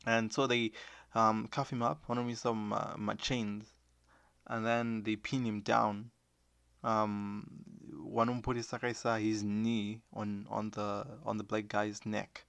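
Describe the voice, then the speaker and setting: A man with a Zimbabwean Shona accent talking earnestly in a casual monologue to viewers, switching between languages, with halting restarts. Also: lowish voice, gravelly, a bit bright, no echo.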